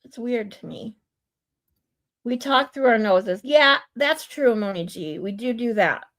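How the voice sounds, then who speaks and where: Livestream co-host: a woman with a Michigan accent, a fairly high nasal voice, a loose chatty delivery that often restarts. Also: lively intonation, unhurried, fairly bright tone. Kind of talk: casual chat.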